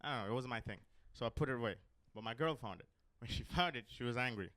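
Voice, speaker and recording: A man's voice: mid-range voice, fast, a bit bright. A man from Jamaica doing a stand-up set on a club stage, rambling with many ums between crude punchlines. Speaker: stand-up comedian. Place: comedy club stage with audience.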